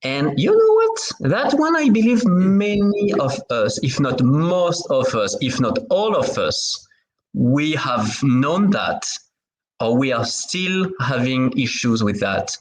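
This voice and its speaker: Man, French accent, podcast host, hesitant, lots of fillers, medium pitch. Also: big pitch swings, slow pace, low-quality recording. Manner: hesitant, many fillers and restarts. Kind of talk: interview.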